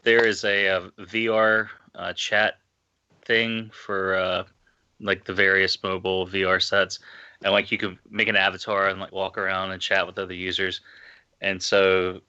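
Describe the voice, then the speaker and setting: Bright-toned man rambling on a lo-fi mic. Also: sits low, monotone, measured pace, smooth. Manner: rambling, laughs while telling a story. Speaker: podcast co-host. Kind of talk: casual group chat.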